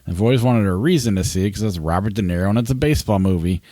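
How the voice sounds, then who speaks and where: Low-voiced easygoing man, dry sound. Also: racing, mellow, no room sound. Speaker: podcast co-host. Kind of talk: casual movie review chat.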